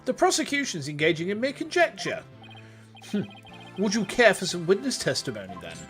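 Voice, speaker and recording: A streamer voicing a calm, menacing samurai prosecutor in a video game, speaking in measured, archaic phrases. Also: medium pitch, faint music behind.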